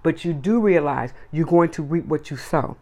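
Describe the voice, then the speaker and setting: A woman's voice: low-pitched, moderate pace, dark tone. A woman hosting her own podcast, talking bluntly and emphatically as she stacks repeated words one after another. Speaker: podcast host. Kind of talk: solo opinion podcast monologue.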